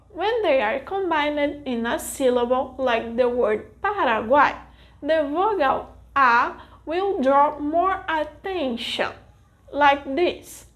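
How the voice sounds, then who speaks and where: High-voiced Brazilian woman teaching slowly. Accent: Brazilian Portuguese. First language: Brazilian Portuguese. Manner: careful, deliberate explanation with drawn-out example words. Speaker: language teacher. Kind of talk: pronunciation lesson.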